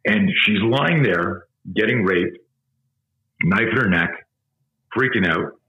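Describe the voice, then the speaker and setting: A deep-voiced man who teaches self-defense, appearing as a podcast guest, tells an intense story slowly. He's emphatic, profane and vivid, and the audio has its highs cut off.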